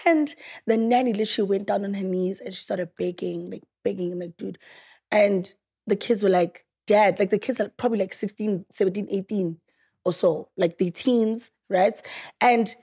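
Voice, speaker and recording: A young woman with a South African accent, hosting a podcast in casual chat and retelling a story with lively quoted lines. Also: mid-range voice, moderate pace, husky. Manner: animated storytelling, acting out quotes. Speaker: podcast host.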